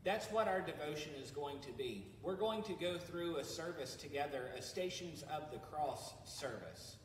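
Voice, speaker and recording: In a rough recording with a little hiss or hum, a male pastor whose voice is a little high speaks at normal speed while leading a devotional service. Informal, relaxed and conversational chat gives way to solemn, louder scripture readings and prayers.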